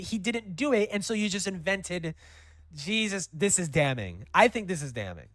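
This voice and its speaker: A man's voice: high voice, big pitch swings, normal speed, fairly bright tone, no room sound. A man giving reaction commentary on screenshots, incredulous and profane, stammering into outbursts. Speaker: commentary YouTuber.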